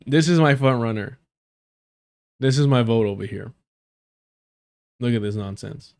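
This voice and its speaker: A man's voice: medium pitch, a little slow, vocal fry, a little mellow. A man hosting a live stream, giving blunt, profane and emphatic casual commentary while reacting to clips.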